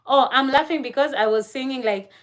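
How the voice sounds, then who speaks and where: A woman hosting a casual livestream chat, talking straight to her viewers, laughing often and filling pauses with "uh" and "um". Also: high voice. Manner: chatty, laughs often, many fillers; talks to chat viewers directly. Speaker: livestream host.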